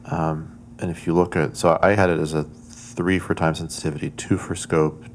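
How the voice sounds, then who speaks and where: Super deep voiced guy running a city committee meeting, measured, um's a bit. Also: little pitch movement, a little hiss or hum. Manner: measured, uses fillers while moving the agenda along.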